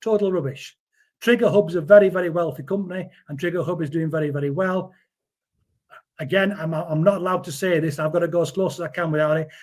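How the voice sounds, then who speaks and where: A man's voice: fairly high pitch, fairly even intonation, quick pace, a little mellow. A man, talking earnestly in a casual interview, often repeating words as he defends someone. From Yorkshire, England. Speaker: interview guest.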